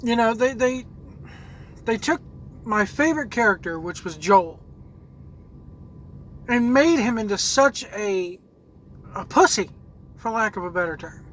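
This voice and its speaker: A man's voice: high-pitched, animated, unhurried, long pauses, fairly bright tone, slight background noise, poor audio. A man hosting a gaming channel who rants angrily about a video game, swearing and repeating words as he searches for what to say. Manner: angry, profane, repeats words while searching for them. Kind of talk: ranting video game commentary.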